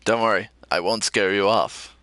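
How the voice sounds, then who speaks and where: A man's voice: on the low side, steady tone, moderate pace, sharp tone, clear, resonant tone. A man streaming a shooter game, rambling and muttering to himself with self-mocking remarks. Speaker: gaming streamer. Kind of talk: casual live game commentary.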